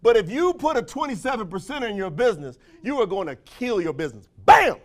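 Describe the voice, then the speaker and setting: A man giving an energetic motivational speech to a live audience, throwing call-and-response questions to the crowd in folksy, slangy language. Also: high voice, fast talker. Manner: folksy, slangy phrasing with frequent laughs. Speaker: motivational trainer for a sales company.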